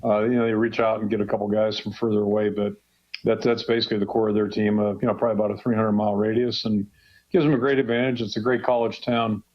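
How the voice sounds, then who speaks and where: A man in his sixties talks casually on a call-in radio show, his voice low and a little muffled by the dull broadcast sound. He rambles in a folksy way, restarting sentences and filling pauses with "uh" and "you know.". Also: level tone. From Western Pennsylvania. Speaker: head football coach, show guest.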